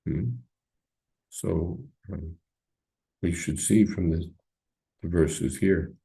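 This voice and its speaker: A man with a dark, husky voice leads a scripture class. He talks in a halting, searching way, with frequent fillers and pauses. His delivery is informal and reflective. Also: sits low, fairly even intonation. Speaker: teacher leading a scripture class.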